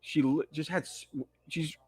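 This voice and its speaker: A man hosting a live movie commentary, riffing excitedly and swearing as he reacts. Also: a little high, a little slow, slightly rough, no echo, clean studio sound. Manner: excitable, profane fan riffing.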